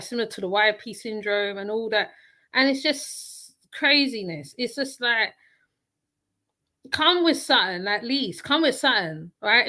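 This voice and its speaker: A woman's voice: fairly high pitch, bright, forceful tone. Blunt, rambling woman reacting to a clip. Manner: blunt, rambling, repeats herself. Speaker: reaction commentator. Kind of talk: casual reaction commentary.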